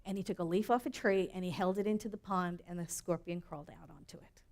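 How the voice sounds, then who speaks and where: A woman's voice: fairly low pitch, fairly even intonation, fast, a little mellow. A middle-aged woman minister preaching a sermon in an earnest, storytelling way that rises for emphasis.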